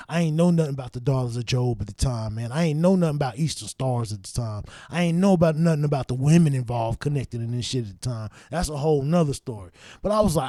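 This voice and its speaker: Profane, animated man telling stories. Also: medium pitch, a little fast, no echo, clean studio sound. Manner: animated, profane, conspiratorial, acts out his younger self. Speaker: show host. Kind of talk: casual storytelling monologue.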